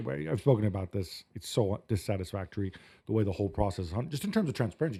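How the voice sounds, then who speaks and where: Wry guy hosting a football pod, mid pitch, lots of ums n restarts. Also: dark tone, husky. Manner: wry, quick, with frequent fillers and restarts. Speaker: podcast host. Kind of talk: casual football chat.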